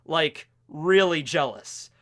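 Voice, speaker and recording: A woman's voice: deep voice, lively intonation, takes it slowly, a bit bright, exaggerated voice. A man doing an earnest young witch pleading. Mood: fond exasperation. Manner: pleading, reasonable.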